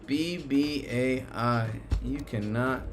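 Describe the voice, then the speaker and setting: A man hosting a live stock market stream, talking excitably and with plenty of profanity, swinging between cheering and panic as prices move. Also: medium pitch, slow pace, music in the background. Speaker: stock market livestream host.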